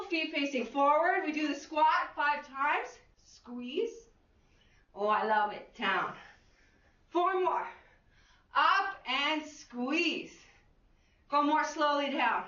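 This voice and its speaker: A woman's voice: sits high, bright, forceful tone. A woman fitness instructor cueing an exercise class with an upbeat manner, counting reps and letting out whoops. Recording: echoey room, far from the mic, dull lo-fi.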